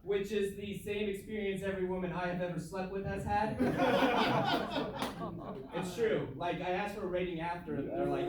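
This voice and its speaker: A man's voice: high-pitched, moderate pace, over a noisy crowd. A young man performing a casual, self-deprecating stand-up comedy set in a comedy club, laughing at his own jokes. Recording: echoey room heard from far off.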